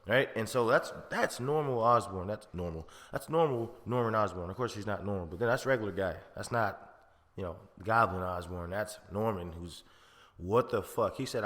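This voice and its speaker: A man's voice: lowish voice, expressive, normal speed, fairly bright tone, in a large hall. A man hosting a podcast, reviewing a film in a rambling, profane, slangy way with frequent laughs. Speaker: podcast host. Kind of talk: casual film review chat.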